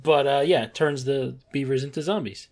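A man riffing on a bad movie with a co-host, animated and quick to laugh. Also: medium pitch. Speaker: podcast co-host. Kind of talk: casual movie recap chat.

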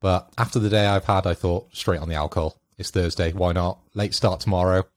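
A man's voice: low voice, steady tone, brisk. A man co-hosting a casual podcast, dry and teasing. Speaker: podcast co-host. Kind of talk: casual chat.

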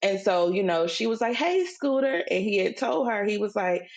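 A middle-aged woman co-hosting a faith podcast, telling a family story in a relaxed, chatty way and building into emphatic, preachy points. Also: medium pitch, fairly quick. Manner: conversational, acts out quoted voices, turns preachy and emphatic. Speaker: podcast co-host. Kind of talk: casual faith-based storytelling chat.

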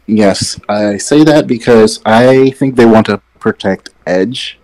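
Speaking from a distance away from his mic, this wrestling podcast co-host rambles casually and voices plenty of opinions. He talks slowly, with a slightly mellow voice on the low side.

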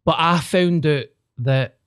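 Young Scottish guy, swearing, animated anecdote, dry close sound. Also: a little high, takes it slowly, smooth, no room sound. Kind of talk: casual storytelling chat.

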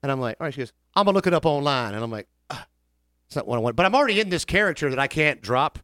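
A man with a drawl, spinning a comic story in a dry, close-miked room. His pitch sits in the middle of the range, and he jumps up into high put-on voices for the people he quotes. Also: expressive, racing, fairly bright tone, dry recording. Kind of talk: casual storytelling chat.

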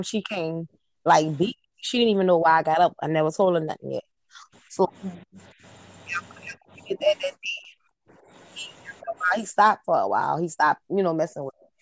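A woman telling her own life story as an interview guest, in casual, halting talk with frequent pauses and restarts. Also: lowish voice, darkish tone, no echo, poor audio.

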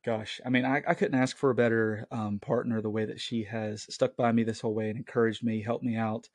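A man's voice: lowish voice, little pitch movement, brisk, darkish tone, dry recording. Guy in his late 20s doing a faith podcast at home, earnest and rambly, dry close sound. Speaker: Christian podcast host. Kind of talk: casual solo podcast talk. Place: at home, family in the next room. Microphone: own podcast mic.

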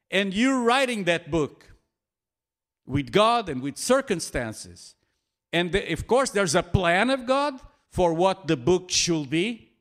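Slow, halting male preacher. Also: high-pitched, a bit bright. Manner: halting, many restarts and fillers, chuckles often. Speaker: pastor. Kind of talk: sermon.

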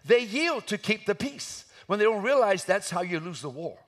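A man preaching an impassioned sermon, building to shouts at the peaks of his points. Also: high voice, big pitch swings, moderate pace.

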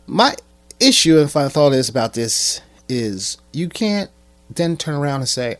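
A man commenting on a clip he plays for his viewers, animated and emphatic, often stammering and repeating words. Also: mid-range voice, unhurried, dry recording. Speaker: video commentator. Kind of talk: reaction commentary.

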